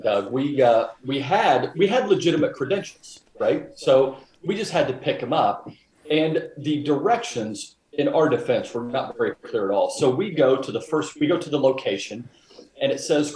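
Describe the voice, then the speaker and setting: A man co-hosting a casual podcast, telling stories in an animated, self-defending way. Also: medium pitch, moderate pace. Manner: animated storyteller, defending himself. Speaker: podcast co-host. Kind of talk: casual chat. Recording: roomy echo.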